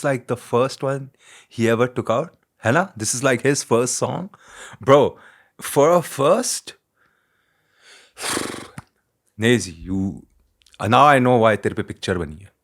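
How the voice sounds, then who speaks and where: A man with an Indian English accent hosting a casual music reaction, excitable, swearing and laughing often. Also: medium pitch, normal speed. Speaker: reaction video host.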